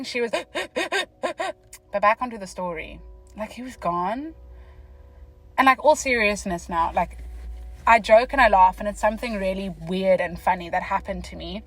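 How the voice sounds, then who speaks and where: A young South African woman telling a story from her car, casual and animated, jumping between whispers and loud exclamations. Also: mid-range voice, dry recording, low-quality recording. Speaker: vlogger. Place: parked car.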